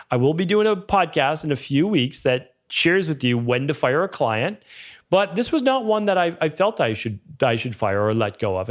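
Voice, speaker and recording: A man in his forties hosting a solo podcast, telling stories and acting out client conversations. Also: a little high. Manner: storytelling, acts out client exchanges in quoted voices. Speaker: podcast host, health practitioner. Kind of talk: casual solo podcast talk.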